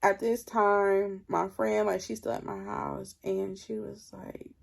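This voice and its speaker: A young woman telling a storytime tale in casual chat, drained and low on energy, leaning on 'like' as she talks. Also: flat delivery, measured pace, vocal fry. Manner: chatty, leans heavily on 'like'. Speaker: vlogger.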